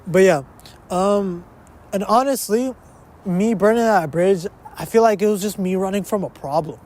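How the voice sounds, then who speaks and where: A man's voice: high voice, normal speed, darkish tone. A young man hosting a podcast in casual solo chat. He rambles, cuts himself off, swears and slips between English and Spanish. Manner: rambling, self-interrupting, sprinkles in curse words. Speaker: podcast host. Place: a spot in an uptown neighborhood of a big city.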